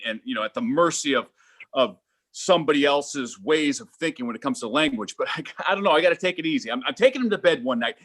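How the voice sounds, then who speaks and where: Rambling, animated middle-aged male comic. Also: mid-range voice, breathy edge. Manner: rambling, animated, swings into loud exasperated outbursts. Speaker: stand-up comedian. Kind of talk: virtual open-mic stand-up set. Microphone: home video call mic.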